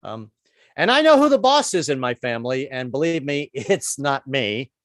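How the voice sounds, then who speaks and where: A man's voice: mid-range voice, big pitch swings, moderate pace, no room sound. Man in his sixties, stand-up comic, rambling, stammering, dry close sound. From United States. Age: 60s. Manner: rambling, stammering restarts, self-deprecating. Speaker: stand-up comedian. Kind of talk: stand-up comedy set.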